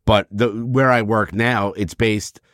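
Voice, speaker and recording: A man in his fifties co-hosting a podcast, telling profane, animated stories and acting out the voices of other people. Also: on the low side, takes it slowly, no echo, clean studio sound. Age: 50s. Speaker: podcast co-host. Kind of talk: casual chat.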